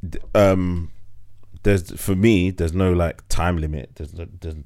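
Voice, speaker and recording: A man's voice: low voice, fairly even intonation, unhurried, darkish tone. A young man, co-hosting a podcast and telling stories in a laid-back, joking way. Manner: laid-back, storytelling banter. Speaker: podcast co-host. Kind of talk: casual chat.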